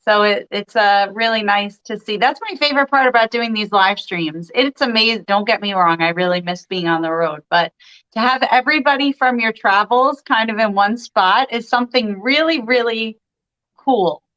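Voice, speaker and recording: A woman's voice: a little high, moderate pace, fairly bright tone, lo-fi sound. A woman guest on a live stream, chatting in a friendly way over a video call. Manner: friendly, chatty, slightly hesitant with fillers. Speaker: guest, country singer. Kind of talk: casual interview.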